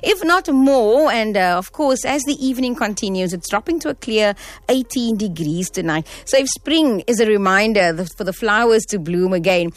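A woman hosting a community radio show, reading the evening line-up and then chatting with a guest, friendly and quick to laugh. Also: mid-range voice, expressive. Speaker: radio presenter. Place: radio studio. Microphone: studio microphone.

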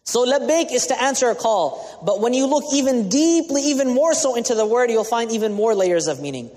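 High-voiced preacher in a reverberant hall. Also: male voice, lively intonation, brisk, a little mellow. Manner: explains Arabic terms with English glosses, asks the audience questions. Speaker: imam giving a talk. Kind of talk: sermon. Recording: long reverb of a large hall.

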